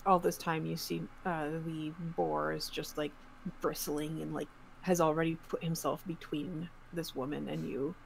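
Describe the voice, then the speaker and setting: A woman game master narrating a tabletop game in a relaxed, descriptive, chatty way. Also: sits low, moderate pace, vocal fry, slight background noise, rough recording.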